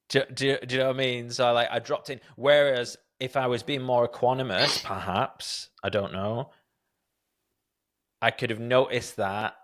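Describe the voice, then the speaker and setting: A man's voice: mid-range voice, steady tone, a little slow, pauses often, a bit bright. A man hosting a casual podcast, talking hesitantly with stammers and restarts and making light of himself.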